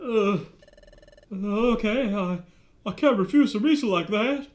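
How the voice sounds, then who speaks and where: A man's voice: high voice, slow pace, a little hiss or hum, pitched above the performer's own voice. A man voicing a timid, bumbling creature with a put-on Southern accent, stammering and hesitant. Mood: relenting. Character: bumbling male beaver-like creature, folksy and timid.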